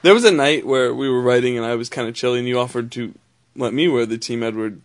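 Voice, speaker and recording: A man's voice: medium pitch, fast. A man co-hosting a podcast in casual chat, joking and teasing with dry sarcasm. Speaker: podcast co-host.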